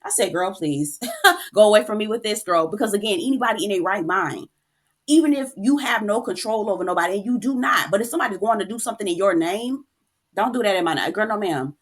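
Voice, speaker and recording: A woman hosting a reality TV recap, talking in a casual, animated and sassy way, cursing freely and calling the listener "girl". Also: medium pitch, quick pace. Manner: profane. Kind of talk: casual opinionated recap rant.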